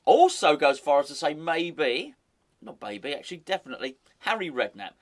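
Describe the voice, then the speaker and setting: A man's voice: a little high, very animated, moderate pace. A man hosting a football fan channel, giving chatty, opinionated commentary with wry asides.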